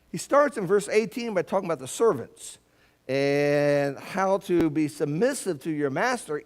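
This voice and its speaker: A man teaching a Bible class at church, earnest and emphatic, often stumbling into repeated words as he restarts his sentences. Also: fairly high pitch.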